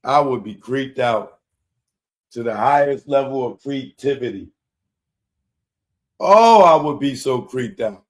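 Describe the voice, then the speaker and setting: Hosting a commentary show, a man with an animated, medium-pitched voice reacts to a news story. He lets out loud, drawn-out exclamations of disbelief and bursts into laughter.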